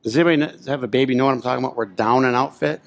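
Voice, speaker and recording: A man's voice: medium pitch, very fast. Male pastor giving a sermon in a church, loose and chatty, keeps asking the crowd if they're with him. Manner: conversational, repeatedly checks in with the congregation. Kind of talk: sermon with personal storytelling. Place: church sanctuary.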